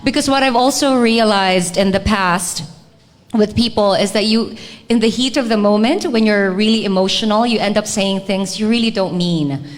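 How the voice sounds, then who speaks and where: A woman's voice: medium pitch, moderate pace, in a large hall. A Filipino woman co-hosting a live podcast, speaking reflectively and dropping Tagalog words into her English. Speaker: podcast co-host.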